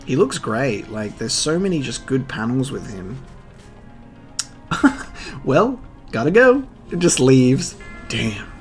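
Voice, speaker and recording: A man's voice: mid-range voice, animated, measured pace, darkish tone, soft background music. A man hosting a casual manga read-along, chatty and musing, often laughing and trailing off with fillers. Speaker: reaction channel host.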